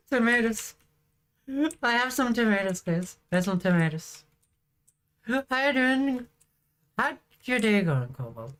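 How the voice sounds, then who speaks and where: A woman streaming a farming game, chatting casually and teasing her viewers with a playful, giggly manner. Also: mid-range voice. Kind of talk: casual live-stream chat.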